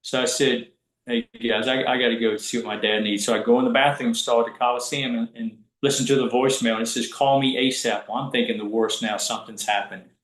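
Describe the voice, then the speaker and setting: In a roomy, rough recording, a quick-paced man of medium pitch shares casual stories on a podcast about refereeing college basketball. Hailing from Southwest Virginia, he animatedly performs the voices of those he quotes.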